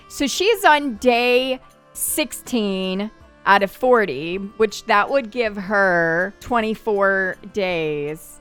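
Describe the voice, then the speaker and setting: A woman's voice: a little high, a bit bright, smooth. A woman hosting a casual let's-play, chatting through her game, laughing often and squealing when something surprises her. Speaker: gaming channel host.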